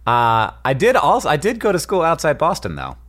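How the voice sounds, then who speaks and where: A man co-hosting a podcast, chatting playfully with his brother, laughing often and tossing in quick asides. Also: fairly high pitch, wildly swooping pitch, fairly bright tone. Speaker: podcast co-host. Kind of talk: casual chat with brother, reading listener questions.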